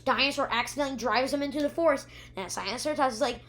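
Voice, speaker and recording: Racing along with hardly any pauses, this woman reviewer speaks in a high, fairly bright voice. Her episode recaps ramble, full of ums and false starts, and she performs the characters' lines herself.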